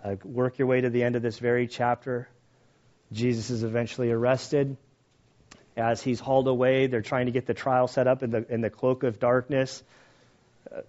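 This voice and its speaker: A man's voice: mid-range voice, highs cut off. Man preaching in conversational style. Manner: conversational preaching, grows loud and animated. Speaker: pastor. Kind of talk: sermon.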